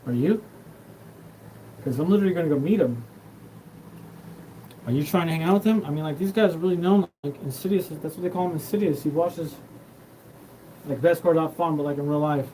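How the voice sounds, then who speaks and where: Rambling, profane man with a mellow voice. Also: on the high side, fairly even intonation, fast, slight background noise, rough recording. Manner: rambling, profane, jumps between topics. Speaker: show host. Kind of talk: rambling monologue.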